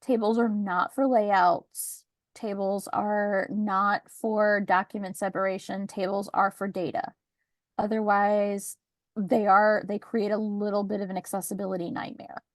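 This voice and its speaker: A woman's voice: medium pitch, little pitch movement, unhurried, no room sound. A woman presenting a webinar over a video call, explaining document accessibility in a chatty, practical way with the odd sarcastic aside.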